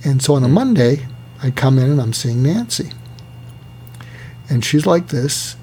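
Male psychiatrist, gravelly voice, storytelling delivery, acts out quoted voices. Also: mid-range voice, expressive, unhurried, dark tone, slight background noise. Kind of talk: storytelling talk.

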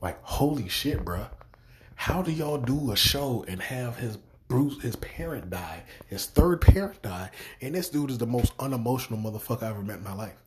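A man's voice: medium pitch, expressive, moderate pace, darkish tone, a little hiss or hum. A young man hosting a podcast, ranting in exasperation with heavy swearing and repeated words. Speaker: podcast host. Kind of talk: profane ranting review.

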